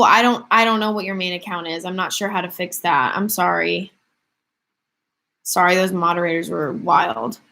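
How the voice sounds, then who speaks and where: A twenties-aged woman hosts a livestream, chatting casually and rambling through viewer questions with plenty of fillers. Her medium-pitched voice sounds pushed and bright.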